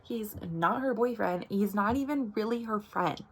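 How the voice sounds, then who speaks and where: A woman's voice: mid-range voice, normal speed, a little hiss or hum. A woman giving a casual book recap, chatty and full of asides, acting out the characters as she goes. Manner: chatty, many likes and quoted asides, acts out characters. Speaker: book reviewer.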